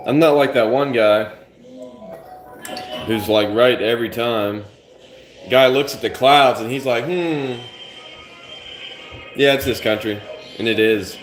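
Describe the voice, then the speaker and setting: A man's voice: medium pitch, measured pace, long pauses, faint music behind. A man hosting a live stream, chatting casually and rambling with his viewers. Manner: rambling, laid-back, chats with commenters. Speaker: livestream host.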